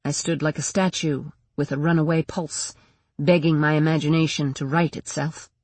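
A woman narrating a first-person audiobook in a measured, tense way. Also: sits low, steady tone, darkish tone, no echo.

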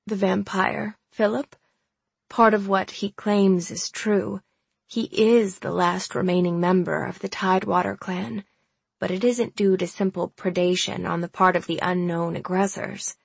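A woman reading the lines of a wise older grandmother, soft-spoken, grave and measured. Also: medium pitch, level tone, vocal fry, husky, no echo.

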